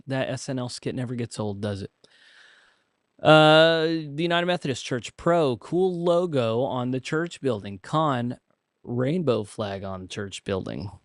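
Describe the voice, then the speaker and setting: A man's voice: medium pitch, no room sound. A man hosting a casual livestream, reading items aloud and commenting with dry humor, with frequent hesitations. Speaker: livestream host.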